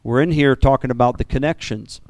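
Male pastor, animated sermon delivery, smooth voice, middle pitch, dry room. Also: fairly quick, no echo. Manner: animated preaching with jumps in pitch and repeated words.

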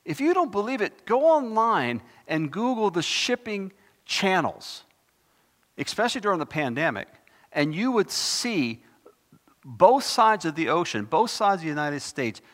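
A man's voice: a little high, very animated, measured pace. Impassioned preacher man, hall echo. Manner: impassioned, rising loud when reading scripture; conversational asides between verses. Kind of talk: Bible teaching sermon. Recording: long hall reverb.

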